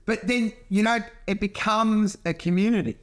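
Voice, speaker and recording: A man talks in a casual podcast chat, running on with loose, rambling thoughts. He laughs a lot and swears freely as he goes. His voice sits high for a man. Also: normal speed, a bit bright. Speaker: comedian and podcast host.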